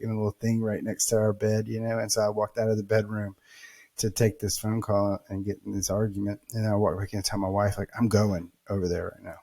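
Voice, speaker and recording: A man with a fairly low voice spins a casual story as a podcast guest. He swears freely and acts out other people's lines. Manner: animated, swearing, acts out quotes. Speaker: podcast guest, real estate investor.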